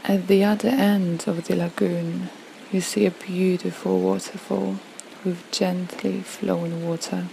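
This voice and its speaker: Woman, guided relaxation visualization, slow soothing delivery, low flat voice, faint background hum. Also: vocal fry, low-quality recording. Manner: slow, soothing, with long pauses. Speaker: yoga and meditation guide.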